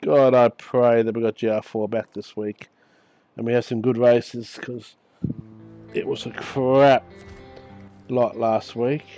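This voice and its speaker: A man's voice: mid-range voice, level tone, takes it slowly, long pauses, mellow, muffled recording, faint music behind. A man giving casual, chatty commentary while playing a game and teasing viewers by name. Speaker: gaming streamer.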